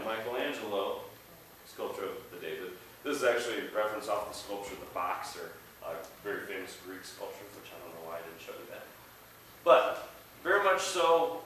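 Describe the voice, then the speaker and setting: A man teaching an art class, playful, shouting mnemonic chants with his students. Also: mid-range voice, slight background noise. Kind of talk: classroom lecture. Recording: echoey classroom from a distance.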